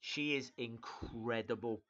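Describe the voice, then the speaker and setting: A man hosts a casual live reaction stream, his mid-range voice bright and forward though recorded with a dull, lo-fi quality. Taking it slowly, he rambles and hesitates with lots of ums and uhs, greeting viewers and reading out and answering their comments.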